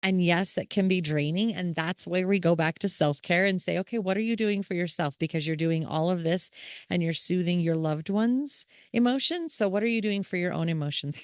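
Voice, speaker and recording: A woman's voice: lowish voice, no echo, clean studio sound. A middle-aged woman hosting a caregiving podcast, talking earnestly and acting out the thoughts of the people she describes. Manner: earnest, animated, acts out quoted thoughts. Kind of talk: casual solo podcast talk.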